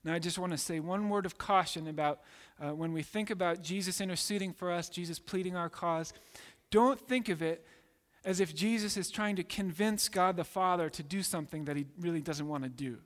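Guy preaching, emphatic, kinda high voice, big hall echo. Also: a little fast. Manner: emphatic, acts out voices in quotes. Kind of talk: sermon. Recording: long hall reverb.

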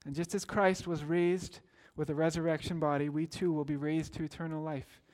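High-voiced man preaching a sermon. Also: flat delivery, moderate pace, a little mellow. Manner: earnest preaching with rising emphatic exclamations. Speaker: pastor.

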